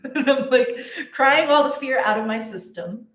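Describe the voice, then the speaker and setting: A woman's voice: sits high, moderate pace, roomy sound, soft background music. A woman telling a personal story in a casual, chatty way, with many fillers and restarts. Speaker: spiritual content creator.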